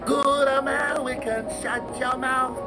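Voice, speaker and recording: A man's voice: very high-pitched, fairly even intonation, takes it slowly, gravelly, heavily acted. A man voicing a male cartoon dragon who raps threats in broken English, in a parody song. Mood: menacing rap. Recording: played clip, loud music behind. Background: loud music.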